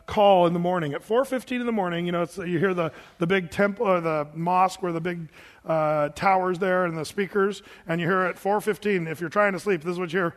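American man, pastor, chatty sermon with asides, high voice, reverberant church. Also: fairly bright tone. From United States. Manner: conversational preaching with asides and restarts. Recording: long hall reverb.

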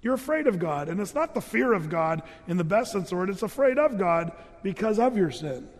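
A man delivers a sermon with a high, bright-toned voice. He tells the story with lively energy and slips into the characters' voices as he goes. His words ring out with a long reverb off the walls of a church hall. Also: a little fast. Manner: storytelling, acting out voices with rising pitch. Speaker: pastor.

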